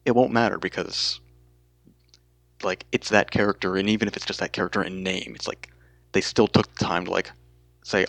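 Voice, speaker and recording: A man appearing as a guest on a casual podcast chat, talking in a halting, hesitant way with many restarts. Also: low voice, steady tone, gravelly, fairly bright tone, no echo, low-quality recording.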